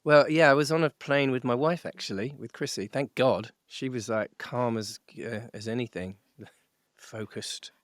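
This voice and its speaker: A middle-aged man, a musician guest, telling a story in an interview with animated delivery, frequent laughs and many fillers and restarts. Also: mid-range voice, moderate pace, no echo, studio quality.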